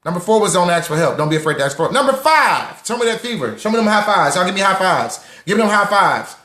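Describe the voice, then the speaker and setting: Talking fast in a fairly high voice, a young male host runs a lively live social audio room about personal finance. He's animated and preachy, repeating lines for emphasis and greeting listeners by name, and the room sounds echoey.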